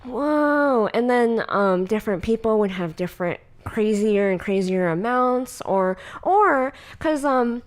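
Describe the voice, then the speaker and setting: A young woman with a Californian Valley Girl accent chats through a podcast episode. Her voice is mid-pitched, and she fills her talk with "like" and "um" and breaks into quick laughs. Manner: chatty, animated, laughs often, many fillers. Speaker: podcast host. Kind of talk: casual chat.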